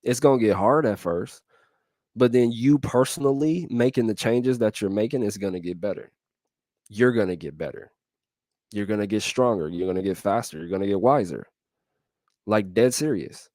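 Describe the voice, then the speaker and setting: A man's voice: fairly low pitch, normal speed, darkish tone, dry recording. A man giving a casual motivational talk as host, in slangy speech that repeats its phrases and breaks into laughs between points.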